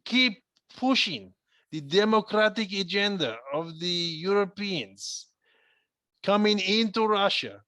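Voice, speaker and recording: A man's voice: high voice, completely flat delivery, normal speed, vocal fry, hardly any pauses, fairly bright tone, no echo, studio quality, voice pushed up. A man voicing a blustering male Russian sympathizer with a thick put-on Russian accent, scolding the listener. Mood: indignant. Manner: indignant, lecturing.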